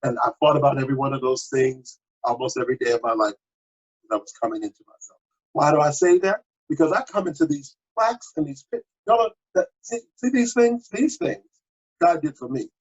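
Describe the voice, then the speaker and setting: Pastor, male, lively high-pitched voice, husky, dull lo-fi home recording. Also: fairly quick. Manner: animated and exhortative, with sudden high exclamations. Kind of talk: sermon.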